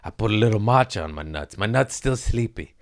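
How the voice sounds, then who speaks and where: A man's voice: on the low side, expressive, brisk. A man hosting a comedy podcast, rambling through crude jokes in a casual monologue, giggling often and slipping into silly voices.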